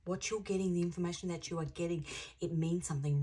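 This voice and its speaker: Low, husky-voiced woman giving a tarot reading. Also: quick pace, dark tone. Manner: chatty and rambling, drops into whispers to stress points. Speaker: intuitive tarot reader. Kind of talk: channeled tarot reading to camera.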